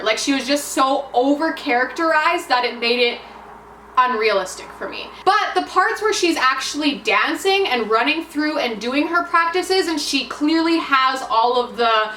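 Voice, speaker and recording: Bright, high-voiced chatty young woman. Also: animated, a little slow, slight background noise. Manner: chatty, lots of filler "like". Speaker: book reviewer. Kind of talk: casual book review vlog. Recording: echoey room heard from a distance.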